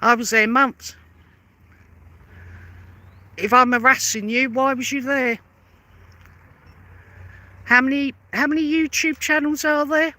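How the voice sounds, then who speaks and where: A woman rants straight at her detractors in a vlog, sarcastic and combative, hammering the same questions again and again. Her voice is sharp and tense, and the recording is dry and close with no room sound. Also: high-pitched, fairly even intonation, takes it slowly, long pauses, dry recording. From London. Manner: confrontational, sarcastic, repeats pointed questions. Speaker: vlogger. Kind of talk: angry rebuttal rant to camera.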